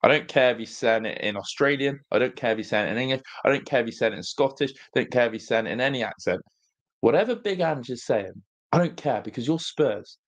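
A man's voice: medium pitch, animated, quick pace. A young man co-hosting a casual football debate, mocking and needling with repeated jabs. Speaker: football podcast co-host, fan.

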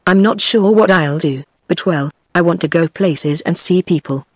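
Brief: wistful young Southern belle, read by a computer-voiced British woman, flat delivery, dry sound. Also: on the low side, moderate pace, husky, dry recording. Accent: British English. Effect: text-to-speech voice.

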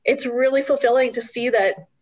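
A middle-aged woman talks as a guest in a casual interview, full of animated storytelling and quick laughs. Her voice sits a little higher than most. She has a chatty, open way of speaking.

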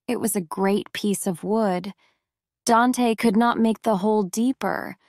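A woman narrating a story for English learners in a clear, deliberate way. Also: medium pitch, fairly even intonation, darkish tone, dry recording, clean studio sound.

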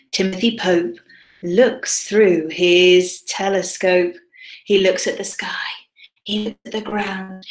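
A woman teacher reading a picture book aloud to young children, animated, with dramatic whispers and gasps. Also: medium pitch. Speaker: primary school teacher. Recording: echoey room.

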